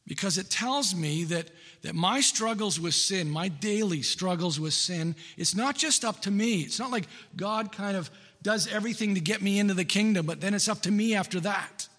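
A man's voice: high-pitched, normal speed, sharp tone, long reverb tail. A man preaching a sermon in an earnest, emphatic way, repeating his key phrases for weight.

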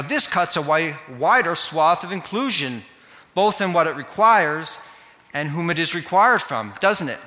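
Bright-voiced male pastor in a reverberant hall. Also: a little high. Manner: earnest, addresses children directly. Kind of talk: sermon.

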